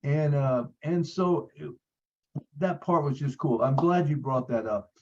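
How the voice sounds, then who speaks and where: A man's voice: fairly high pitch, a little slow, a little mellow, lo-fi sound, slight background noise. A man sharing a personal story on a video call, earnest, repeating phrases, with many fillers. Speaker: support group member.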